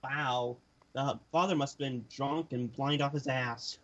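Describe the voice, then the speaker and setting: A man's voice: mid-range voice, fairly even intonation, a little slow, fairly bright tone, lo-fi sound. A man chatting casually about movies, telling crude jokes and laughing as he talks. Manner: crude joking, laughs while talking. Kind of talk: casual chat.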